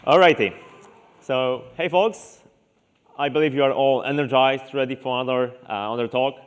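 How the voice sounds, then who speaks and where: A man's voice: mid-range voice, moderate pace, clean tone. A man from Poland opening a conference tech talk and speaking directly to the audience. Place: large conference hall.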